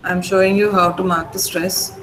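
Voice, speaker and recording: A middle-aged woman with an Indian English accent teaching pronunciation online, patiently repeating words slowly over a video call. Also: lowish voice, level tone, background noise. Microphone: computer mic on a video call.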